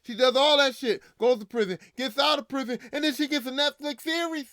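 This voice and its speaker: A man's voice: very high-pitched, a little fast, a bit bright, no room sound, studio quality. A man hosting a podcast, ranting in casual, profane, slangy talk, repeating himself, a little drunk. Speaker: podcast host.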